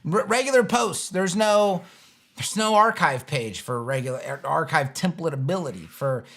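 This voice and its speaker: A man hosts a live web design Q&A from his chair, rambling through answers with wry exasperation. His voice sits high and carries a gravelly, bright edge. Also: expressive, moderate pace. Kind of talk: casual live-stream Q&A. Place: home studio, seated in a chair.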